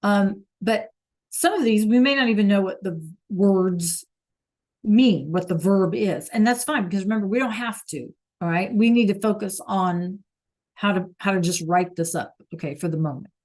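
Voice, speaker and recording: A woman's voice: medium pitch, normal speed, a little mellow. A woman teaching a Spanish class over a video call, patient and checking in often with the students.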